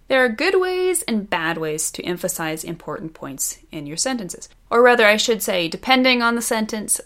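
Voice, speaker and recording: Woman, author, editing lesson, scripted narration, animated intonation, deliberate emphasis. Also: medium pitch. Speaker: author teaching writing.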